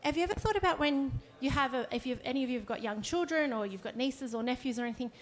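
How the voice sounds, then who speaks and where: Talking fast in a voice that sits high, a female counsellor leads a live workshop for an audience. She keeps it conversational and shows things while explaining them.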